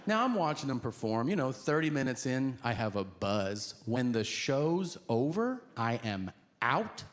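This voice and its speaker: A man doing stand-up, telling a profane story in an animated way with sudden shouts. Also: mid-range voice, measured pace. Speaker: stand-up comedian. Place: comedy club stage before a laughing audience. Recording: live audience laughter and crowd noise.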